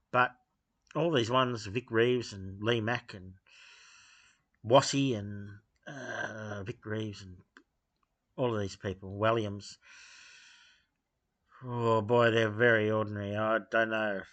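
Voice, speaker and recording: A man talking off the cuff in a blunt, dismissive way, pausing often with fillers as he gives his opinions to camera. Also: on the low side, sharp tone. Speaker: video host giving opinions. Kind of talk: unscripted opinion monologue.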